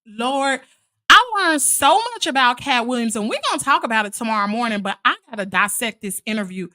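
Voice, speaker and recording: A high-voiced woman chats to her live viewers in a sassy, familiar way. Her tone is bright and sharp, and her voice sounds dry and close with no room around it. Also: animated, brisk, no echo. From Mississippi, USA. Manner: chatty and sassy, calls viewers "child" and "honey". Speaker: live stream host. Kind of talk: casual live chat with viewers.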